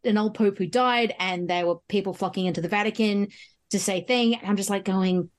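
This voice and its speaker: A woman hosting a podcast, chatting in an animated way about films. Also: medium pitch, fairly quick. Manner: chatty, animated, frequent "mm" backchannels. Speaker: podcast host. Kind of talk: casual film discussion.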